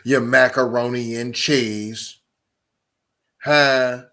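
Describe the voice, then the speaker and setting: A man's voice: medium pitch, steady tone, very slow, fairly bright tone. A man with hosting a podcast, reading an article aloud and breaking off into emphatic commentary full of rhetorical questions. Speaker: podcast host.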